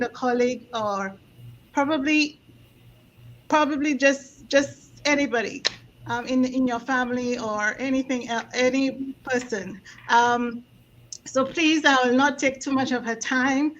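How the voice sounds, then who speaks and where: High-voiced woman host, lo-fi audio. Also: steady tone, a little slow, a little hiss or hum. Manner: welcoming, hesitant with restarts. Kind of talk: hosting an online health show. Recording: slightly dull lo-fi audio.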